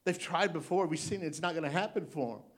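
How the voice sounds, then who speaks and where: A male pastor delivers a fervent sermon in a voice that sits a little high for a man. He swings between quiet, tender reflection and rising, emotional exclamations. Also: a little fast. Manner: impassioned preaching with rising exclamations.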